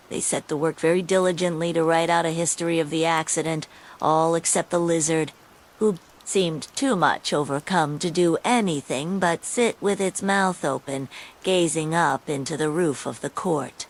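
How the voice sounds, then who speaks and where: A woman narrating a bedtime story in a slow, calm manner. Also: fairly low pitch, rough recording.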